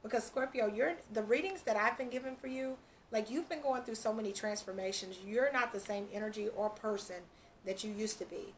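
A woman's voice: on the high side, fairly quick, a little hiss or hum. Chatty woman giving a tarot reading. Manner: chatty, laughs often, quotes imagined speech. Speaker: tarot reader.

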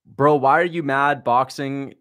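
A man's voice: medium pitch, fairly even intonation, unhurried, a bit bright. Blunt sarcastic young man streaming. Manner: blunt, sarcastic, mocking, reads viewer questions aloud. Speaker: livestream host reacting to a fight. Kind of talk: casual livestream chat.

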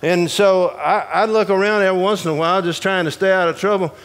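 A man from Georgia, preaching a humorous storytelling sermon to a prison audience in a folksy, animated way. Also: sits high, fast talker. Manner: folksy, animated, acts out voices in his stories.

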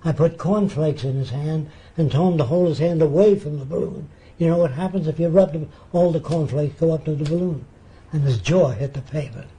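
Older man telling stories in a mellow voice. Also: a little high, fairly quick. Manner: animated storyteller acting out quoted voices. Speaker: interviewee, futurist. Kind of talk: anecdotal storytelling.

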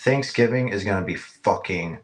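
A man's voice: lowish voice, moderate pace. A man who works as a carpenter, a guest on a casual podcast, talking reflectively with fillers and profane jokes.

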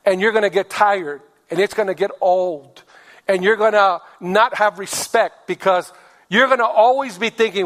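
Male pastor, high-pitched, preaching sermon, reverberant church hall. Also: normal speed, fairly bright tone. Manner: preaching with acted-out quotes of husbands and wives; asks the congregation for amens.

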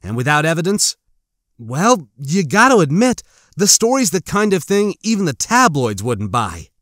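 A man's voice: on the high side, very animated, moderate pace, fairly bright tone, dry recording, studio quality, voice pushed up. A man voicing a determined young woman, a former police officer, speaking firmly and matter-of-factly in an audiobook.

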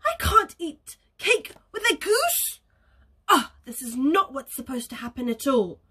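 Woman playing a grumpy male wolf, storybook, loud roars, grumbling, bright tone. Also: high-pitched, huge pitch swings, unhurried, heavily acted. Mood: roaring, grumbling.

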